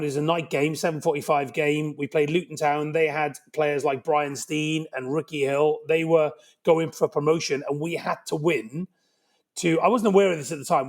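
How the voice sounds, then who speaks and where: A Welsh podcast guest in his fifties, with a Cardiff accent, tells anecdotes with lively, animated energy. His voice is fairly high for a man, and he keeps checking in with his listener, frequently asking "right?"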